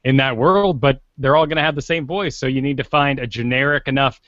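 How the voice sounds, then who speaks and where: A man's voice: mid-range voice, brisk, fairly bright tone, no room sound, highs cut off. A man, a guest voice actor, giving thoughtful opinions in a casual podcast chat.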